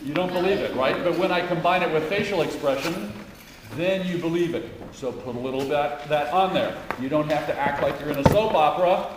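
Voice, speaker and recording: Choir director in an echoey room. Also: male voice, a little high, fairly quick. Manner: encouraging, sings phrases to demonstrate. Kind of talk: rehearsal coaching. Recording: echoey room heard from far off with background noise.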